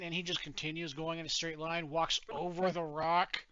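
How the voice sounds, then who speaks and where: Man, podcast co-host, chatty and rambling; bright voice, dull lo-fi sound. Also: a little high, level tone, a little fast, slight background noise. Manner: rambling, laughs often, many restarts. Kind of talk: casual chat.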